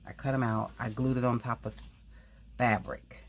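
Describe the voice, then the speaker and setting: A woman's voice: extremely low pitch, steady tone, slight background noise. Chatty woman rambling through a craft demo. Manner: rambling, quick, many self-corrections. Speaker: craft channel host. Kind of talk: casual craft tutorial chat.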